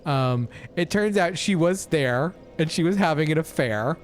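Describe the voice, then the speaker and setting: A man's voice: a little high, animated, measured pace, soft background music. A man co-hosting a game let's play, telling long rambling stories full of fillers and asides. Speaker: co-host. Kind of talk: casual chat over gameplay.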